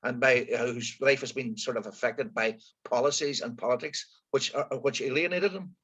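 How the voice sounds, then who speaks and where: A man co-hosting a casual political chat, hesitant and halting with many restarts. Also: mid-range voice, a bit bright, slightly rough. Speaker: co-host of a current affairs podcast. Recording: muffled lo-fi audio.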